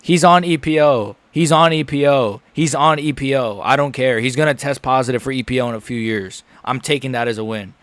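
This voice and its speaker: Excitable young man reacting live. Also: medium pitch, brisk, hardly any pauses, no echo. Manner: excitable, swings from groaning despair to shouting; repeats himself, swears casually. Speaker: streamer reacting live to a fight.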